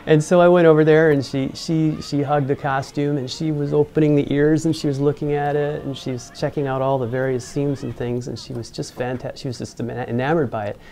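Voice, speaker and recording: Speaking a bit quickly with few pauses, this man has a slightly high, gravelly yet mellow voice and a flat delivery. He's an engineer interviewed about mascot costuming, wandering through a personal story full of fillers and restarts.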